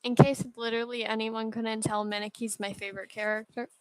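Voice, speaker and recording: A woman's voice: a little high, level tone, a little fast, a little mellow, smooth, dry recording, poor audio. A young woman casually commenting while playing a story game, giggly and chatty.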